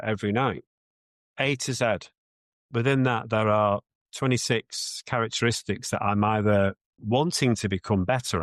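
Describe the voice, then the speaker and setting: A man's voice: lowish voice, fairly bright tone, no echo. A man with a British accent, a mindset coach answering interview questions in an earnest, reflective way, often restarting his sentences.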